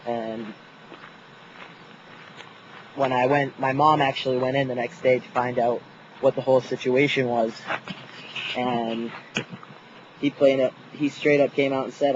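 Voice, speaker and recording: A man's voice: medium pitch, flat delivery, measured pace, long pauses, muffled recording, noisy background. A young man telling a story outdoors in a casual, profane vlog, laughing often. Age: young adult. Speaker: vlogger.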